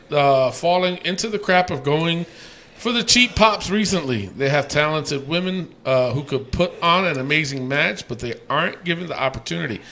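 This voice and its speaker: A man co-hosting a casual podcast reads listener ratings aloud, loose and profane, swinging between mumbling and yelling. His voice is a little high, with a slight hiss or hum in the audio.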